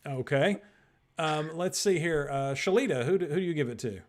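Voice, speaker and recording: A man's voice: fairly high pitch, animated, moderate pace. A man hosting a virtual improv show over a video call, loose and rambling with fillers.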